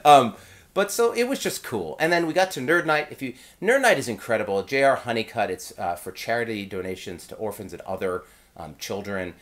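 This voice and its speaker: A man who designs and reviews games, telling a rambling convention story in a casual vlog with excited restarts. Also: medium pitch, fairly quick.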